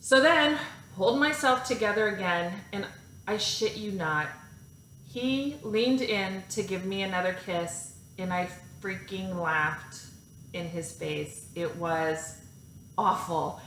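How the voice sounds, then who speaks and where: A woman, in her thirties, casually telling a personal story to her viewers, animated and self-mocking, laughing often. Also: mid-range voice, takes it slowly, slight background noise. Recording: echoey room with faint ambience.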